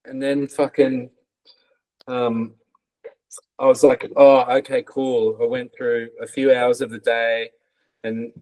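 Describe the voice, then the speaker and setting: A man's voice: medium pitch, low-quality recording. A man, a podcast guest, telling stories in a loose, swearing, casual way and acting out other people's lines. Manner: swears freely, lively storytelling with quoted voices. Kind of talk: casual storytelling interview.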